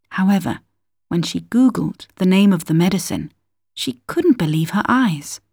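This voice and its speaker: A woman narrating a scripted story calmly, at times dropping into whispers. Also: mid-range voice, breathy edge, no room sound, clean studio sound.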